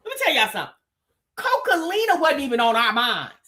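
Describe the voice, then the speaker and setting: Lively high-voiced woman hosting gossip talk. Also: brisk. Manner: animated, talks straight to the chat with "baby" and "child". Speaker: commentary show host. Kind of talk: gossip commentary livestream.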